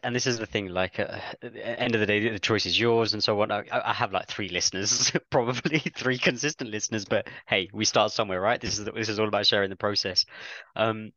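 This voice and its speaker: Low, bright-toned male podcast host. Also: fairly even intonation, brisk, no room sound, lo-fi sound. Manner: reflective, searching for words, with restarts. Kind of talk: casual podcast chat.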